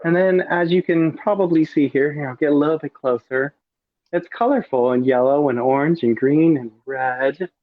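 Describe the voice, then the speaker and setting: A man's voice: a little high, normal speed, no echo, narrow, tinny audio. Campy man demoing a recipe. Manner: campy, chatty, savoring each bite aloud. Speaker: drag performer cooking on a livestream. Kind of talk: casual cooking demonstration.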